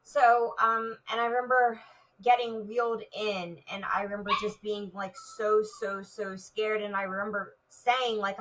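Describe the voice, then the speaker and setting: A woman's voice: medium pitch, little pitch movement, a little slow, a bit bright, distant mic, slight background noise, poor audio. A woman, a retired police officer, recounting a personal story in an interview, vividly and with many "like" fillers.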